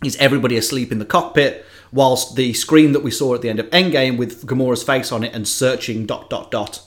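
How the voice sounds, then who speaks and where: A man in casual podcast chat, telling a film plot in an animated way with frequent asides. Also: mid-range voice, fairly quick.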